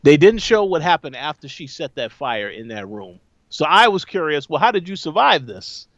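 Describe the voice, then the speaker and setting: Man, podcast co-host, slightly high voice. Measured, hedging chat on a dry room mic. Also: very animated, a bit bright, no echo, dull audio. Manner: measured, adds points with careful hedging. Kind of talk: casual recap chat.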